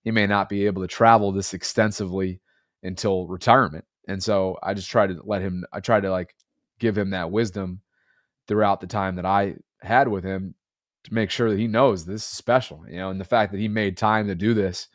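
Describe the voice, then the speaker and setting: Congested and feeling unwell, this man in his thirties co-hosts a laid-back podcast, his low voice thick with stuffiness. His intonation stays fairly even and his pace fairly quick as he wanders through earnest, thoughtful remarks. It's a dry, intimate recording with no room sound.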